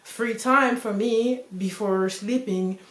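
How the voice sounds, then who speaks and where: A woman's voice: on the high side, slow pace, a bit bright. Chatty woman in an echoey room. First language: French. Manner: chatty, rambling, heavy use of "like" and "you know". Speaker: vlogger. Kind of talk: casual storytime monologue.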